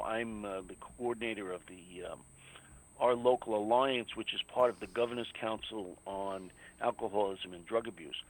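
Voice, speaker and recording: A man's voice: medium pitch, rough recording. A man who coordinates a local anti-drug alliance, talking earnestly as a radio guest, with many "you know"s and "uh"s. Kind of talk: casual radio interview.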